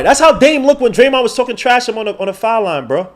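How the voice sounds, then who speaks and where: A man hosting a podcast in casual chat, slangy and rambling, swinging from loud outbursts to low mutters. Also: sing-song, fast talker, faint music behind. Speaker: podcast host. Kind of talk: casual live-stream chat.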